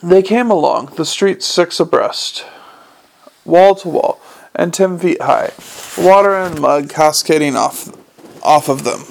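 A man's voice: on the high side, slow, gravelly. A man reading a novel aloud as narrator, unpolished, with slips and restarts.

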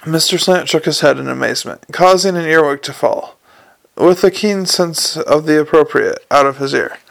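Gravelly man reading an audiobook. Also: fairly high pitch, moderate pace, fairly bright tone. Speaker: audiobook narrator. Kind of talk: scripted narration.

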